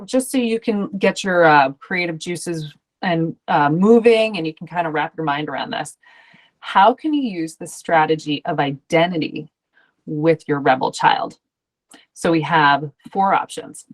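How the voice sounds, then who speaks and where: A woman's voice: on the low side, a little slow. A woman coach talking to parents in a chatty, loose way, full of ums and restarts, acting out the voices she quotes. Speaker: ADHD coach.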